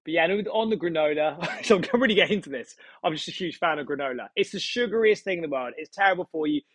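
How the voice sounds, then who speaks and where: A young man, a startup founder and podcast guest, chatting casually with animated, swearing, joking rambles. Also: on the high side, quick pace, husky, no echo. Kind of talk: casual chat.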